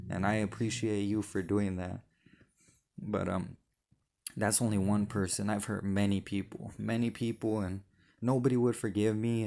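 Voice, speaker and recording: A young man tells his testimony in a low, gravelly voice that stays flat and even. He talks in an earnest, halting way and often stumbles back over his own words. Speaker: person sharing his faith testimony. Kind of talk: emotional personal testimony.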